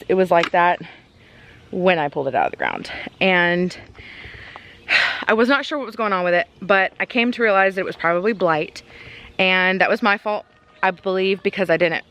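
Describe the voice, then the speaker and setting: A woman's voice: medium pitch, a bit bright. A woman giving a casual tour of her garden, chatty and rambling, with ums and self-corrections, a little out of breath. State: out of breath from walking fast. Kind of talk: casual walking tour chat. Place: outdoors in a garden.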